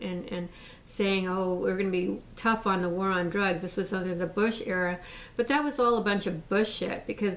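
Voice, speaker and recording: A woman's voice: mid-range voice, distant mic, low-quality recording. An American woman, a mother, speaking out in a rambling casual statement full of fillers and restarts. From United States.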